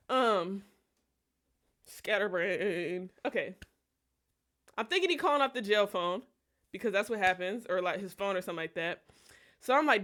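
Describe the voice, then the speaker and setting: A woman streamer telling a personal story in a casual, animated, profane and digressive way. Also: medium pitch.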